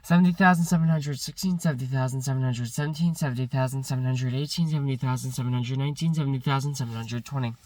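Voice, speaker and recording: A man's voice: medium pitch, steady tone, darkish tone, dry recording, recorded from a distance. A man counting numbers aloud in a long solo stream, rattling them off by rote and correcting his slips. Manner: rapid rote counting with slips, self-corrections and bursts of swearing frustration.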